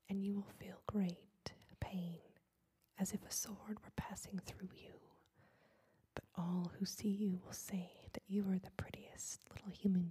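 A woman's voice: fairly low pitch, warm tone, breathy edge, full character voice. A woman whispering a cruel sea witch. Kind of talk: whispered role-play.

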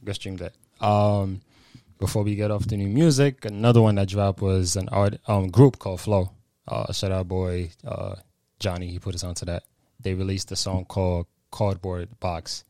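Chill guy with a lowish voice running a podcast segment, slangy and easygoing. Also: level tone, normal speed, warm tone, dry recording, studio quality. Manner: easygoing, slangy, introduces topics and games. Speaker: podcast co-host leading segments. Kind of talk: casual podcast chat.

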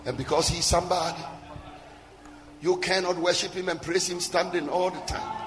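A man preaching a sermon, shouting and half-singing his lines. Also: high-pitched, steady tone, normal speed, in a large hall, music in the background. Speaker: pastor.

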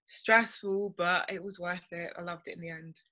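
A young woman from the UK talks casually as an interview guest, peppering her speech with "like" and "you know". Her voice sits a little low but has a bright, forward tone. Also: steady tone, normal speed. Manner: chatty, lots of "like" and "you know".

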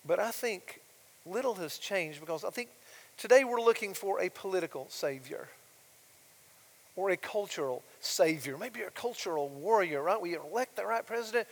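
A high-pitched man delivers a sermon, rising to loud, emphatic declarations and then dropping to soft, quiet asides. He leans on rhetorical questions to draw in his listeners. His voice rings with the long reverb of a large church hall. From United States. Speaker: pastor.

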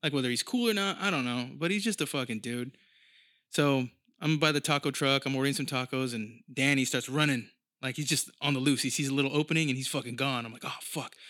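A man's voice: medium pitch, quick pace, pushed and bright, no echo, studio quality. A man in his thirties hosting a casual podcast monologue, rambling and swearing freely as he tells stories. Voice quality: profane, rambling storyteller. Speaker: podcast host.

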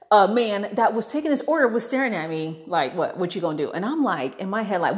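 A young American woman vlogger retelling a travel story in a casual, animated way, acting out what people said. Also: medium pitch, brisk, hardly any pauses. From United States. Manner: animated, dramatic retelling with quoted asides.

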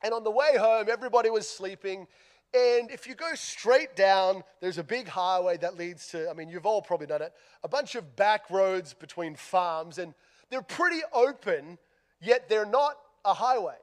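Telling a funny story in his sermon, this Australian-accented man pokes fun at himself, and his volume rises and falls dramatically. He speaks in a high voice at a normal speed.

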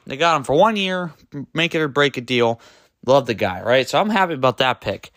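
A man hosting his own sports podcast, ranting in an exasperated, emphatic way, full of rhetorical questions and quick self-corrections. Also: mid-range voice, expressive, a bit bright, no echo, clean studio sound. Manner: loose and rambling, trips over words and self-corrects. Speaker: podcast host. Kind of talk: solo sports podcast rant.

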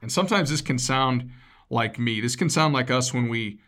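A man's voice: mid-range voice, expressive, moderate pace, a bit bright. A man preaching a sermon as a pastor, in a casual, conversational way with asides to his listeners.

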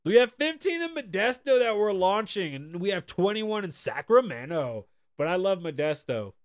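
An American man hosting a podcast, riffing on the news in a loud, profane and excitable way from a studio. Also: high voice, normal speed. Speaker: podcast host. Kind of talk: casual news commentary.

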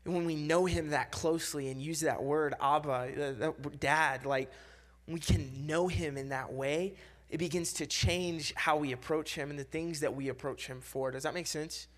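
A man's voice: a little high, steady tone, moderate pace, fairly bright tone. A young man giving a casual sermon, talking loosely with many fillers and repeats and acting out quoted voices.

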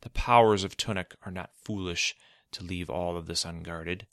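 A man's voice: sits low, fairly even intonation, normal speed, fairly bright tone, dry recording, studio quality. A man voicing a scheming, commanding adult male figure in a storybook reading, speaking in a cool, demanding way with a faint edge of menace. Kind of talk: storybook narration.

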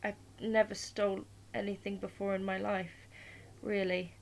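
A woman's voice: medium pitch, level tone, moderate pace, creaky, slight background noise, natural voice. A woman voicing a nervous young male thief in a storybook reading, stammering and anxious.

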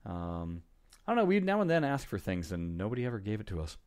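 A man's voice: fairly low pitch, big pitch swings, fast, darkish tone, smooth. A man co-hosting a podcast, reminiscing casually with frequent ums and laughs. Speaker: podcast co-host.

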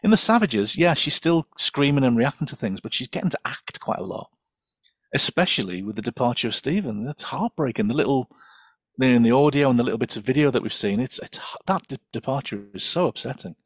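A man's voice: mid-range voice, lively intonation, fairly quick, no echo. A man speaking as a guest expert in a casual podcast chat, chatty and enthusiastic, with lots of fillers and laughter.

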